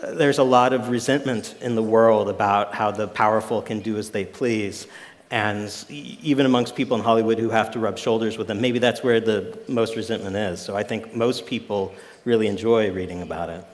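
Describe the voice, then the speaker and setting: A man with a fairly low voice talks through his ideas on a live panel, circling around his points. The sound carries a long reverb from the hall. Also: fairly even intonation, a little fast. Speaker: author. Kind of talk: panel talk. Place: live event venue.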